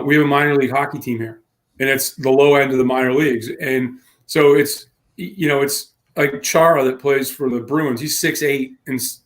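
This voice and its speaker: A man co-hosting a casual tech podcast, telling a long story with lively acted-out quotes and frequent laughs. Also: medium pitch. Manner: animated storyteller, acts out quotes, laughs often. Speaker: podcast co-host.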